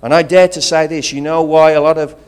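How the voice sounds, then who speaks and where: A man's voice: on the high side, fairly even intonation, fairly quick, clear, resonant tone. A man with a regional English accent, preaching a sermon as pastor, rousing and conversational, with calls of praise. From England.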